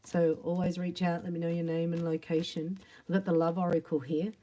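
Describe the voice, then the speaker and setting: A woman giving a tarot reading in a chatty, animated monologue, acting out imagined quotes and sometimes dropping to a soft whisper. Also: lowish voice, brisk. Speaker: tarot reader.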